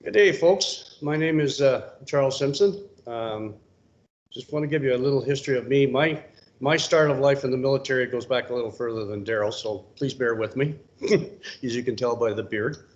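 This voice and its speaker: An older man from Ontario with an even, middle-pitched voice tells his story in a folksy, rambling way. The recording sounds dull and muffled. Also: moderate pace. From Ontario, Canada. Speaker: retired soldier giving a talk. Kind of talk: casual storytelling talk. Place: public library event room. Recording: muffled low-fidelity recording.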